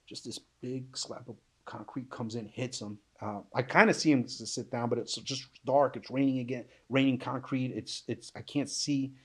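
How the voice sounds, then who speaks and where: A man giving an emotional personal account as a panel guest, halting and subdued, with restarts and trailing pauses. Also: medium pitch, breathy edge. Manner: subdued, intense storytelling. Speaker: panel guest recounting survival.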